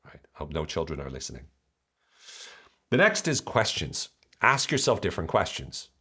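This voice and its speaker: A man hosts a motivational podcast in a fairly low voice. His pitch rises and falls a lot. He talks playfully and keeps slipping into little acted-out voices. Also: moderate pace, breathy edge. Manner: animated, playful, acts out voices. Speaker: podcast host.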